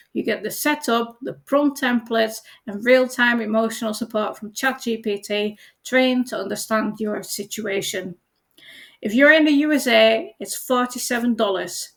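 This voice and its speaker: Woman coach, gravelly voice, fairly high, gentle and reassuring, reading aloud. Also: normal speed. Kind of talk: reading aloud and explaining on a product demo.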